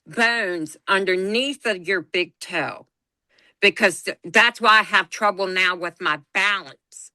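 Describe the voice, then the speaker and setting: A woman's voice: mid-range voice, takes it slowly, sharp tone, no room sound. A middle-aged woman in a casual group discussion, animatedly telling a story about her time as a patient and acting out the quotes. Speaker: guest sharing her experience as a patient.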